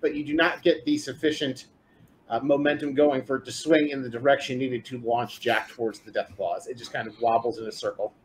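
A man running a tabletop game as its game master, patiently walking the players through the rules. He talks at an ordinary, mid-level pitch. There is a faint hiss of noise behind him. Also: brisk, rough recording. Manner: relaxed, explaining the rules patiently.

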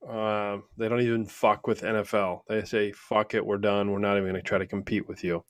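A man's voice: lowish voice, little pitch movement, fairly quick. A man co-hosting a casual podcast, chatting in a joking, profane manner. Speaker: podcast co-host. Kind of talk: casual chat.

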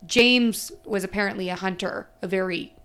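A woman's voice: mid-range voice, normal speed, a bit bright, smooth. A woman hosting a podcast who chats casually, recaps a film sarcastically, swears freely and acts out the characters. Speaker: podcast host.

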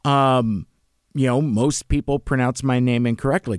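In casual podcast chat, a middle-aged host rambles along with plenty of fillers and false starts. His voice is mid-range, steady and smooth, a little slow, and the studio sound is clean with no echo.

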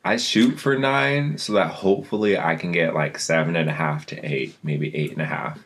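A man's voice: deep voice, moderate pace, fairly bright tone, husky. A man chatting casually as a podcast co-host, rambling through a story with lots of fillers. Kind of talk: casual chat.

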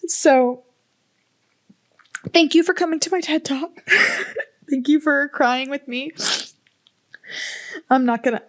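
A woman hosting a solo podcast, talking slowly and candidly with open emotion and casual swearing. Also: fairly high pitch, no echo. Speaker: podcast host. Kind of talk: heartfelt solo podcast talk.

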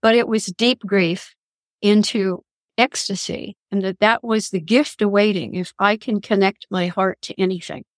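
A woman's voice: mid-range voice, steady tone, unhurried, no echo. Earnest woman sharing spiritual stories. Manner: earnest, reflective, spiritual storytelling. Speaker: guest, author and columnist. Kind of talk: podcast interview, personal storytelling.

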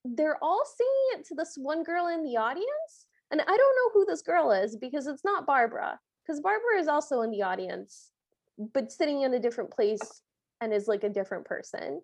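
A woman co-host with a very high voice that swings up and down a lot as she retells a film. She sounds chatty and amused. The recording is close and dry. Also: big pitch swings, brisk, no echo. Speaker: podcast co-host. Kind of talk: casual chat recapping a film.

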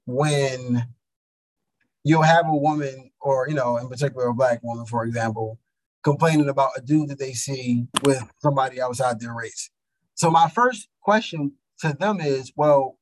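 A young man in casual chat, telling stories in a blunt, profane, animated way. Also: medium pitch, poor audio.

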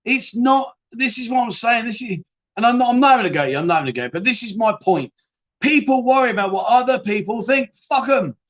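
A man's voice: very high voice, quick pace, fairly bright tone. A man hosting a casual live-stream chat show, reading out viewer comments and answering them bluntly, swearing freely and restarting his sentences often.

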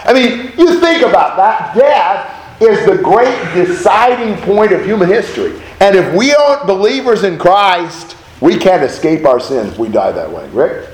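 A man teaching a Bible study to a group, emphatic and animated, often asking rhetorical questions. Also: high-pitched, a little slow. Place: room with a group of listeners. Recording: roomy echo, faint background noise.

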